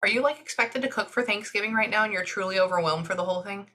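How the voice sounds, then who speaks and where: A Texan woman giving a medium's reading in an animated, chatty way, often pausing to listen. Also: mid-range voice. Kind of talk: casual spoken reading session.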